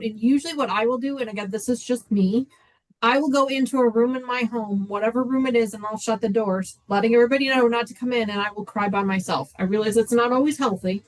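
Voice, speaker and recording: A woman's voice: fairly high pitch, low-quality recording. A woman in a casual livestream chat, speaking earnestly and encouragingly, often restarting her sentences. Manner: earnest, encouraging, repeats words when starting.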